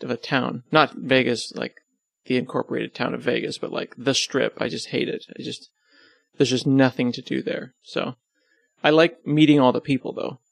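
Teasing, gravelly-voiced man on a dry mic. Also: mid-range voice, fairly even intonation, normal speed, no echo. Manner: teasing, rambling, self-deprecating. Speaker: podcast host and web developer, as guest. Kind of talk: casual podcast interview.

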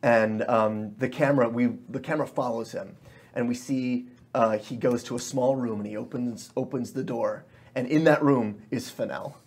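A man runs a tabletop game, describing each scene as if a camera were moving through it. His voice is husky and somewhat rough, and his talk is full of fillers. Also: medium pitch, fairly even intonation, normal speed, a little mellow. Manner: cinematic scene narration with many fillers. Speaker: game master.

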